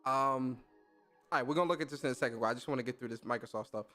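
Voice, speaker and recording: A man hosting a gaming podcast who reads out industry news and reacts to it in casual, animated, profane commentary, laughing often. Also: mid-range voice, rapid-fire, soft background music.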